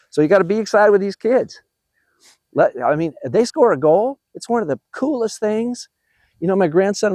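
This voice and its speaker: Older man, youth soccer coach, lively encouraging talk, higher voice, dry close sound. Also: no echo. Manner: animated, encouraging, often checks in with "okay?" and "right?". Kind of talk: motivational talk to new coaches.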